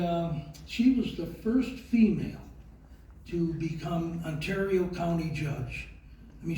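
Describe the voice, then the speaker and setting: An older man, speaking slowly and haltingly with many fillers as he tells a heartfelt personal story in an award speech. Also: on the high side, warm tone, slight background noise. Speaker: award recipient giving a speech. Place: large event hall. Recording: very echoey hall, voice from far off.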